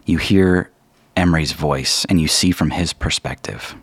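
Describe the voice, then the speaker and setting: A man narrating a tabletop game as game master in a measured, descriptive way, with a husky voice. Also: rumbling low, dry recording.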